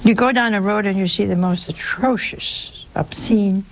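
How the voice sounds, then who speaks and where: A woman's voice: medium pitch, moderate pace, slight background noise, poor audio. A woman giving a conversational sermon, folksy and full of rhetorical questions and asides. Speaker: religious teacher.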